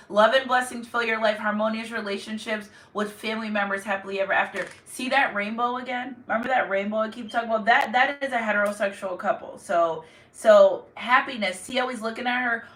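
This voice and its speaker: A woman's voice: mid-range voice, a bit bright, a little hiss or hum. A woman giving a casual tarot reading to her viewers, rambling and repeating herself with emotion. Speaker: tarot reader. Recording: echoey room, distant mic.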